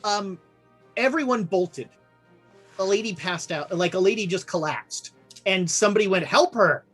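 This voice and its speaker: A woman running a tabletop horror game as game master, laughing often and voicing townsfolk with big pitch jumps. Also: moderate pace, breathy edge, faint music behind.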